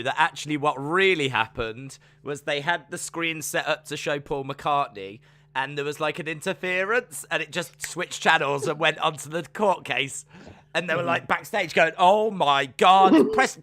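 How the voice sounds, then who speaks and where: A man's voice: fairly high pitch, normal speed, pushed and bright. A playful British man co-hosting a casual podcast chat, slipping into silly voices. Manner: playful, breaks into silly put-on voices and sung lines. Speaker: podcast co-host.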